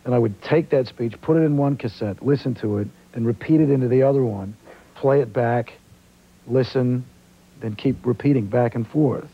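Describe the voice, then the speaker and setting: A man's voice: medium pitch, moderate pace, husky. A man from Australia who speaks with a New York accent, telling stories as an actor guest on a talk show. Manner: relaxed storytelling, animated. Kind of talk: casual talk show chat. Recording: dull lo-fi 1990s TV tape.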